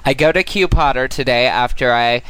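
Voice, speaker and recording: A man's voice: medium pitch, moderate pace, a bit bright, clear, resonant tone, dry recording, poor audio. A man wryly introducing a comedy sketch on an old podcast. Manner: wry, setting up a bit.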